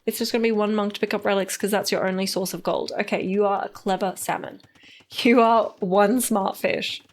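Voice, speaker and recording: A woman's voice: medium pitch, flat delivery, fast talker. A woman casting a strategy game live on stream, playful and teasing, with frequent giggles.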